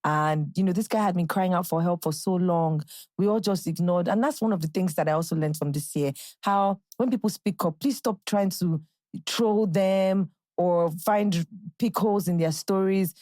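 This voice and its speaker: A woman's voice: lowish voice, moderate pace, a little mellow, no echo. A young Nigerian woman hosting a podcast, chatting casually and bubbly, dropping into playful quotes and impressions. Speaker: podcast host. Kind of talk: casual solo podcast chat.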